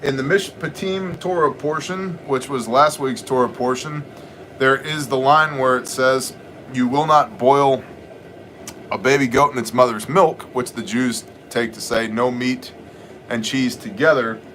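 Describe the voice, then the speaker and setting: A man hosts a livestream in an unhurried, medium-pitched, slightly bright voice, with slight background noise. He chats casually, reads viewer comments, jokes and greets people by name, then shifts into Bible teaching.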